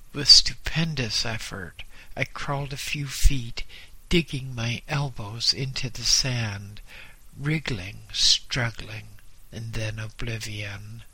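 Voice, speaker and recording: Slow, grave male narrator. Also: mid-range voice, sharp tone, husky, no echo. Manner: slow, grave dramatic reading. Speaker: audiobook narrator. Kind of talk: scripted first-person narration.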